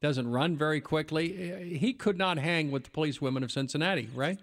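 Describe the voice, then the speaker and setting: A man hosting a talk radio show, teasing his guest with quick questions. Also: a little high, a bit bright. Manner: teasing, rapid-fire questions.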